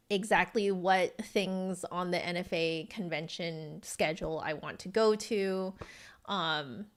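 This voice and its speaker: A woman with an American accent, a flutist chatting casually with livestream viewers and answering their comments, friendly and full of ums and likes. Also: lowish voice. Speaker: flutist streamer.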